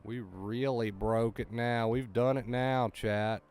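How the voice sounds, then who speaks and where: Male streamer, casual chat with viewers, excitable and repetitive, mid pitch, faint music in background. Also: takes it slowly, clean tone. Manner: excitable, talks to chat, repeats himself when flustered. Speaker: livestreamer.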